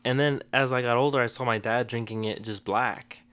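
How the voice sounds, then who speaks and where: A man's voice: mid-range voice, fairly even intonation, a little fast, a bit bright, clean tone. Easygoing young man chatting. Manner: easygoing storyteller, laughs often. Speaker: podcast co-host. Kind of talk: casual chat.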